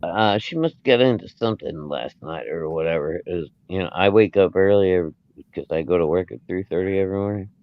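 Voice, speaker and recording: A man telling a story in a laid-back, halting way with sighs. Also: low voice, a little hiss or hum. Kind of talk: casual storytelling. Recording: muffled lo-fi mic.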